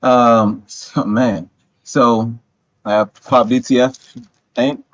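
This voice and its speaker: A man speaking as a guest in a casual online chat, in a monotone, matter-of-fact way. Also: medium pitch, slow, no echo, dull audio.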